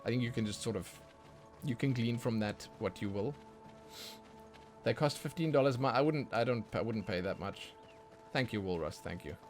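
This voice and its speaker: A man streaming a game and chatting casually with his viewers, his talk rambling and full of stumbles and repeated words. He lurches into sudden excited bursts, while faint music plays underneath. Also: mid-range voice, normal speed. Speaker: livestreaming gamer. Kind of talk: casual livestream chat.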